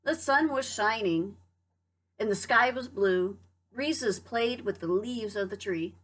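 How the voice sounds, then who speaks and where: A woman teacher reading a picture book aloud to young children, in a lively, expressive way. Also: mid-range voice, takes it slowly. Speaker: preschool teacher.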